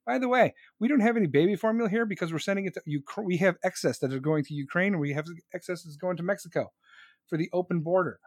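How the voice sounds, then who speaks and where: A man's voice: sits high, fast talker, a little mellow, no echo, studio quality. A man hosting a podcast, riffing casually on the live chat with crude jokes and swearing. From United States. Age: adult, still working. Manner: profane, joking, rambling banter.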